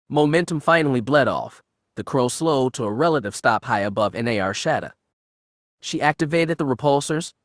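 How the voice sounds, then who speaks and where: A man reading a science fiction audiobook in steady, measured narration. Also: medium pitch, dry recording, clean studio sound. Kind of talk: scripted narration.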